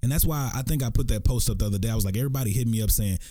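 A man's voice: medium pitch, rapid-fire, mellow, no room sound, clean studio sound. A man, co-hosting a podcast in casual chat and acting out quotes in put-on voices. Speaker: podcast co-host.

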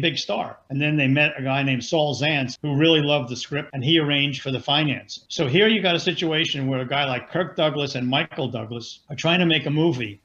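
An older man, a seasoned film producer, recounts an anecdote, acting out the dialogue with lively energy. His voice sits a little high. The recording is somewhat dull and lo-fi. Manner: animated storyteller acting out dialogue. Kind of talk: anecdotal storytelling.

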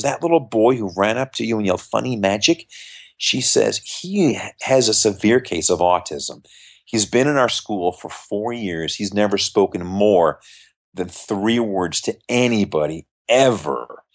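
A man's voice: on the low side, moderate pace. A middle-aged man, a magician being interviewed, telling stories and acting out the voices of the people in them. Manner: animated storyteller acting out quoted voices. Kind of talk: storytelling in an interview.

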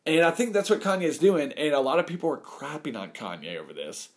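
Brief: man, casual opinion podcast, very animated delivery, wide pitch swings, acts out quotes. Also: fairly quick, few pauses.

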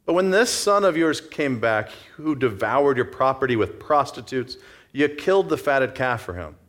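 A man's voice: mid-range voice, lively intonation, moderate pace, a bit bright, natural voice. A man playing a whiny jealous older brother. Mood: bitter. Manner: whiny, complaining.

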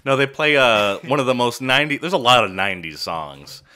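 A man co-hosting a podcast with a very lively, swooping voice and a bright, forward tone. He talks playfully and breaks into laughter often. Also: mid-range voice, a little fast. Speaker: podcast co-host. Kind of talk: casual chat about a movie.

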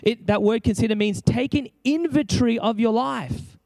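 A man's voice: extremely high pitch, moderate pace, creaky, darkish tone, dry recording. A man preaching an impassioned sermon, exclaiming and acting out prayers as he speaks.

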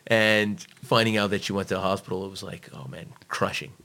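Blunt, foul-mouthed low-voiced man. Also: steady tone, brisk, pushed and bright. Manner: blunt, heavily profane, emphatic. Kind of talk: casual storytelling chat.

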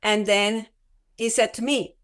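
A woman who is a guest in an interview, telling a personal testimony in a halting, earnest way, with many filler words and restarts. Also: on the high side, steady tone, fairly bright tone. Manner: earnest, often breaks into laughter.

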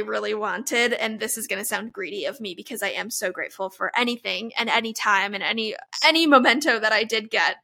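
A woman's voice: fairly high pitch, sharp tone. Bubbly young woman gushing fan story. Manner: gushing, breathless fan recap with many fillers. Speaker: podcast host. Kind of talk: excited casual storytelling.

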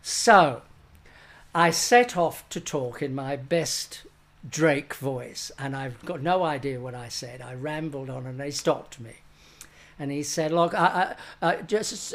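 An older man recalls a story from his stage career as an interview guest. He tells it with animated energy and acts out each person's lines. His voice sits at an ordinary mid pitch. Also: slow. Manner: animated, acts out the people he quotes. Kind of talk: anecdotal storytelling.

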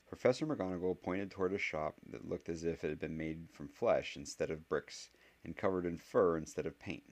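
Deep-voiced man reading a novel. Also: fairly quick, darkish tone. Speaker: audiobook reader. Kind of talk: fan audiobook narration.

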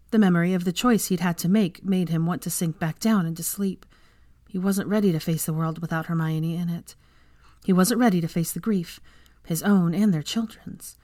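Low-voiced woman reading a story aloud. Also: darkish tone, dry recording, clean studio sound. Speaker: fan fiction reader. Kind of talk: audiobook narration.

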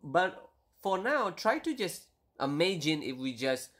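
A man's voice: fairly high pitch, very animated, measured pace, a bit bright. A man with an Indonesian accent teaching a beginner language lesson, patiently explaining and repeating example sentences.

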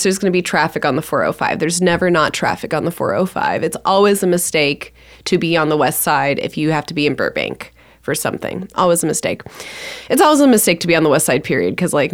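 A woman telling a comic personal story in a casual, chatty way, full of "like" and quick laughs, with bursts of speed and big swings in pitch. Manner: chatty, peppered with "like", laughs between lines.

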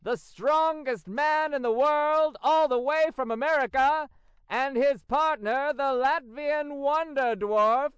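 An actor playing a circus ringmaster who announces in a slow, theatrical way. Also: male voice, extremely high pitch, fairly bright tone, no room sound, exaggerated voice. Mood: grandiose. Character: grand adult male circus ringmaster. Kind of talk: comedy sketch acting.

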